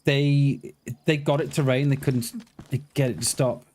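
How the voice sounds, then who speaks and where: A man streaming a survival game and talking to his chat in an excitable, rambling way. He curses freely, stutters and restarts sentences, and his voice sits in an ordinary middle register. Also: medium pitch, measured pace. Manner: excitable, stutters and restarts, swears casually, chats to viewers. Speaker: livestreamer. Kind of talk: casual live-stream chat while gaming.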